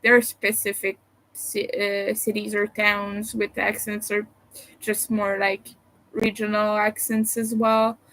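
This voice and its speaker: Slow, hesitant Quebec-accented woman. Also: medium pitch, monotone, fairly bright tone. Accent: Quebec French. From Quebec, Canada. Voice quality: meandering, hesitant delivery full of fillers. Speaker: livestreamer. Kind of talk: casual live-stream chat.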